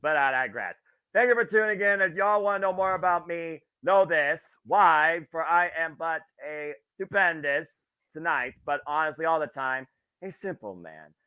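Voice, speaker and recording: A man's voice: fairly high pitch, expressive, normal speed, clear, resonant tone, no room sound, phone-quality sound. A man co-hosting a wrestling show, giving a grandiose, theatrical sign-off speech. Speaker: wrestling commentator co-host. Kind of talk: casual chat.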